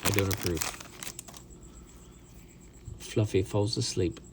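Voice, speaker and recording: A middle-aged man chatting casually as he opens trading card packs, rambling, excitable and self-deprecating. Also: low-pitched, takes it slowly, a little hiss or hum. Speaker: card collector opening booster packs. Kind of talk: casual hobby vlog commentary.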